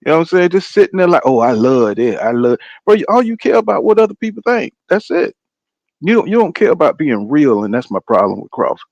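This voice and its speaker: A man's voice: high-pitched, animated, fast talker, vocal fry, no echo, dull audio. A man hosting a live boxing reaction stream, talking loosely and profanely and greeting viewers by name. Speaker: boxing channel host. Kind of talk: casual live-stream commentary.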